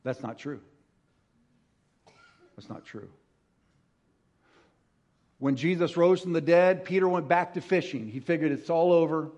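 High-voiced man preaching a sermon. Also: a little slow, long pauses, lo-fi sound. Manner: storytelling, emphatic, swings from hushed to loud; engages audience with call-and-response.

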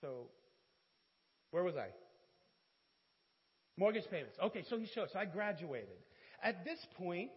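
A man tells a church testimony in an animated, storytelling way, laughing often and making fun of himself. His voice sits high and swings widely in pitch. The recording is dull, with a long hall reverb. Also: measured pace, long pauses. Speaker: church speaker giving testimony. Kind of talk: sermon testimony.

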